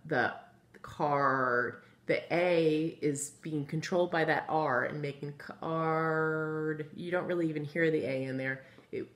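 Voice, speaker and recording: A woman teaching a first grade phonics lesson, patient and encouraging, spelling out words letter by letter as she writes them on a board. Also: low voice. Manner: writes on a board while talking. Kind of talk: recorded remote phonics lesson.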